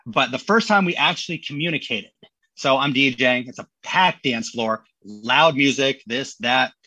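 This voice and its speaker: A man in his thirties, a podcast guest telling stories in a casual, animated way and acting out the people he quotes. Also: mid-range voice, moderate pace, breathy edge, no room sound, low-quality recording. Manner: animated, acts out quotes in voices. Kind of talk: casual storytelling.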